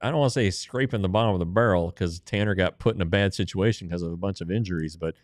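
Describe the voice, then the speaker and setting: A man's voice: deep voice, quick pace, no echo, clean studio sound. A man co-hosting a sports podcast, talking casually with fillers and restarts. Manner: conversational, rambling with fillers.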